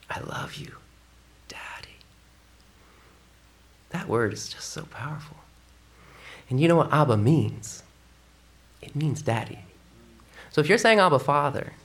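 A man's voice: medium pitch, gravelly, fairly bright tone. A man preaching a conversational sermon in a church, often dropping to a whisper for emphasis. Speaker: pastor.

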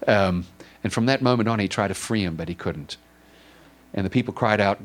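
A man with a somewhat low voice delivers a loose, informal sermon built around retelling a story. He's halting, restarting frequently and piling up repeated "and"s, his tone earnest and emotional.

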